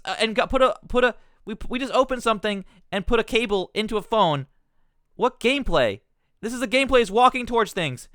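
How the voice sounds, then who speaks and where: Male streamer, rambling profane commentary; smooth, resonant voice pitched a bit high, in a dry room. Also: animated, fast, a bit bright, no echo. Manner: profane, exasperated ranting; rambling, self-interrupting.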